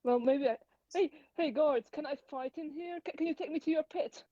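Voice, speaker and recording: A brash, boisterous former pit-fighter who only wants a brawl and an ale, as a woman puts him on. The voice sits high and bright, recorded in dry, slightly dull audio. He talks eagerly and without a hint of fear. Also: moderate pace, no echo, lightly acted. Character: gruff male former pit-fighter prisoner, fight-hungry.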